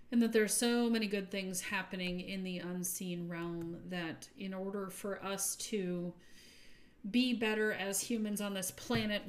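A woman hosting a podcast, giving an earnest, upbeat spiritual talk that often trails off softly at the ends of phrases. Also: medium pitch. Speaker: podcast host.

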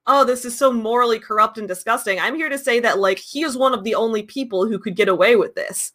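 A woman's voice: fairly high pitch, a little fast, few pauses, pushed and bright. A woman hosting a reaction video, commenting bluntly and indignantly with swearing on a clip.

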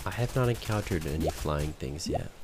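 A man calmly coaching a friend through a video game and making dry jokes along the way. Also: rumbling low, normal speed, very noisy. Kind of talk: casual chat. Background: game music.

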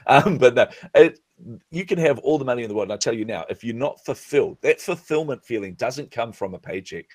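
A man's medium-pitched voice moves a little fast with no echo. He's a middle-aged business coach appearing as a podcast guest, chatting casually and animatedly dramatizing the dialogue in his anecdotes.

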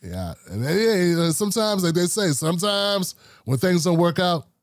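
A man's voice: high-pitched, moderate pace, no echo, clean studio sound. A man in his forties from the Washington, D.C. area, hosting a podcast and telling stories casually, acting out the people he quotes. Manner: animated, acts out quoted coworkers. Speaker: podcast host. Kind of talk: casual storytelling chat.

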